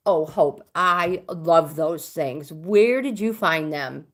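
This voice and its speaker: A woman's voice: deep voice, slow. Middle-aged woman, chatty livestream host reading cards, casual. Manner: chatty, reads viewer comments aloud. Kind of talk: casual live chat.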